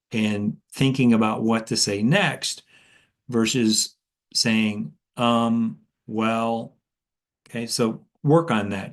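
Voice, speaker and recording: A man talks through sales tips as if coaching a room of new agents. His voice sits at an ordinary middle pitch and moves up and down with enthusiasm. The delivery is casual and unscripted, full of small restarts. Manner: conversational with fillers and restarts, animated inflection. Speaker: sales trainer.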